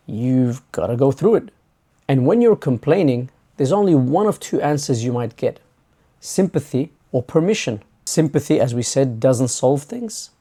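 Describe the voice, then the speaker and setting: A man's voice: mid-range voice, warm tone. A man hosting his channel, talking through a reflective monologue and acting out imagined exchanges in a conversational way. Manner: acts out imagined dialogue in a conversational way. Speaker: channel host.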